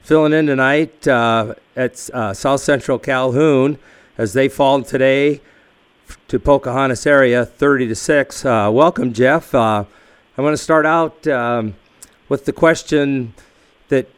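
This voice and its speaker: A man interviewing a football coach by phone for a radio sports show, asking questions haltingly with many fillers. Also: mid-range voice, smooth.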